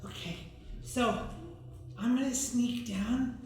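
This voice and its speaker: A woman's voice: a little high, takes it slowly. A woman playing a character in a live improv tabletop game, hesitantly thinking her moves through aloud. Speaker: player. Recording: echoey stage, faint music.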